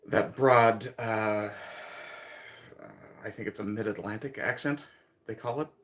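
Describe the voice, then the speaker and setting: On his livestream, a Newfoundland man with a faint accent chats easily with his audience, chuckling and rambling as he thinks out loud. His voice is on the low side and a bit bright.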